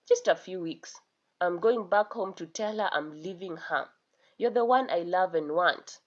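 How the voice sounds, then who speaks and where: A woman's voice: lowish voice, unhurried. Scared old chief begging for mercy, woman reading him, dull lo-fi sound. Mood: tender. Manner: pleading. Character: older male chief, pleading and scared.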